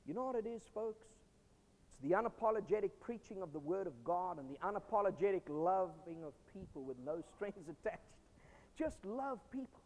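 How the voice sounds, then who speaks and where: A man preaching a sermon as pastor, emphatic, swinging from loud bursts to quiet storytelling. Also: high-pitched, animated, moderate pace. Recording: long hall reverb.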